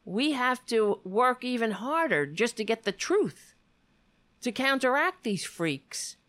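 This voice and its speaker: A woman's voice: a little high, very animated, slow, a bit bright. A woman hosting a heated political commentary show, talking in an indignant, sarcastic way and swearing freely.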